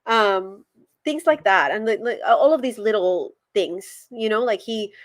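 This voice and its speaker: A woman's voice: medium pitch, a little slow. Colombian lady in her 30s, spanish accent, tells stories and acts out what people said. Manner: animated storytelling, acting out quoted dialogue. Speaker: guest, former pastor. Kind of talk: casual podcast conversation.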